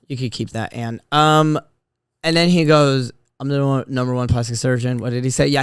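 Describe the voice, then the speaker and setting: A man in his thirties tells a long, rambling story on his solo podcast, circling back and restarting as he goes. His voice is smooth and clear, and the studio sound is dry and close. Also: medium pitch, no room sound. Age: 30s. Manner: rambling, animated storyteller with many restarts and fillers. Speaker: podcast host.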